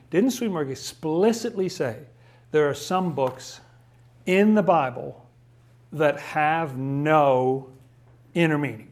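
A man's voice: fairly high pitch, slow pace, a little mellow. A man giving a spoken lecture on scripture in a conversational way, reading quotations aloud and adding wry asides.

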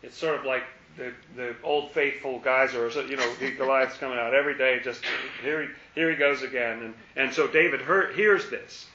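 Male Bible teacher, chatty and musing, lingers on phrases; tense bright voice. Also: medium pitch, fairly even intonation, echoey room, dull audio, a little hiss or hum. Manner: musing, repeats key phrases slowly for emphasis. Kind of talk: conversational Bible study.

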